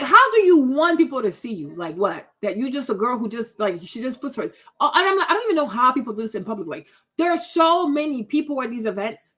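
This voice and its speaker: A woman host giving casual reaction commentary on pictures, animated and exclaiming, repeating herself a lot. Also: sits high. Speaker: commentary vlogger.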